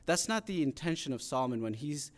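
A man's voice: fairly high pitch, expressive, quick pace. A man preaching a sermon in an earnest, conversational teaching manner, pressing harder when he stresses a point. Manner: earnest, conversational teaching with rising emphasis on pleas.

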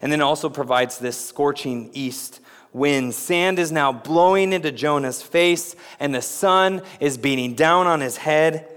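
High-voiced preacher in an echoing church. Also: male voice, a little slow, a bit bright, clear, resonant tone. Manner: dramatic delivery, rising to emphatic peaks then dropping low. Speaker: pastor. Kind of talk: sermon.

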